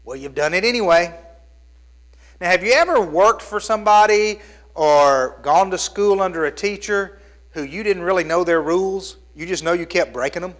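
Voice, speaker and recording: Male preacher, high-pitched voice, hushed-to-emphatic storytelling sermon, faint mains hum under it. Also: normal speed. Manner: storytelling, shifts between hushed and emphatic delivery. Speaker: pastor.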